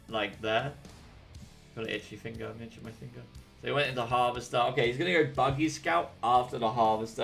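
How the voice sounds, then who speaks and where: A young man from England streams and casts a strategy game replay in a medium-pitched, creaky, slightly bright voice. The commentary is casual and chatty, full of slangy banter with his chat.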